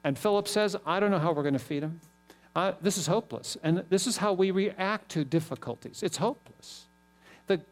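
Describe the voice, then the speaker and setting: A middle-aged male pastor preaching a sermon, animated and telling stories with quick asides. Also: high voice.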